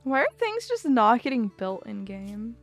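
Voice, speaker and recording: Giggly high-voiced woman streamer. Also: big pitch swings, measured pace, faint music behind. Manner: giggly, chatty, lots of laughing. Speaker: streamer host. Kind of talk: casual livestream chat.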